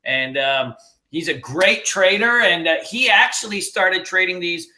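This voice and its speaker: A man hosting a casual live trading webinar from his home, talking in an energetic, loose, joking way with plenty of fillers. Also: sits high, unhurried. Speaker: webinar host and trading mentor.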